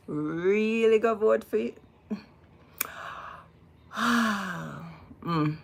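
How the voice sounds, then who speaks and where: A woman's voice: medium pitch, a bit bright. A woman with a Jamaican accent hosting a casual livestream, talking emphatically and repeating words for weight. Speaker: livestream host.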